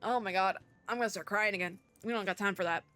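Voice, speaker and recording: A woman's voice: mid-range voice, fast talker, fairly bright tone. A young woman at home giving casual, reflective commentary on a game's story, chatty and full of filler words. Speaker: game content creator. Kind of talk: casual playthrough commentary, reading story aloud. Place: at home, indoors.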